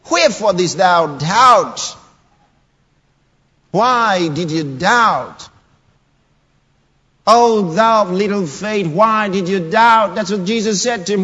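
A man's voice: high-pitched, breathy edge. A man preaching a sermon, emphatic and repetitive, reading scripture lines aloud and pressing them home. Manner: emphatic, repeats scripture lines, rising to shouts. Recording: dull lo-fi sound with long hall reverb.

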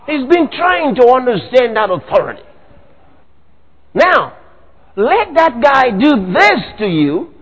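A man preaching a sermon, dramatic, bursting into sudden shouts. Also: extremely high pitch, long reverb tail, rough recording.

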